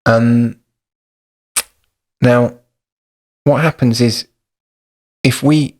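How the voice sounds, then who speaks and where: A man's voice: medium pitch, fairly even intonation, drawn-out words, darkish tone. A man hosting a podcast, talking in a thoughtful, practical, explanatory way. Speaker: podcast host.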